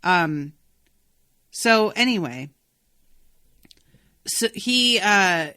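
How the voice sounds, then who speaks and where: A woman's voice: fairly low pitch, a bit bright, dry recording, clean studio sound. A young adult woman hosting a casual book-discussion podcast, talking in a chatty way and swearing freely. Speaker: podcast host.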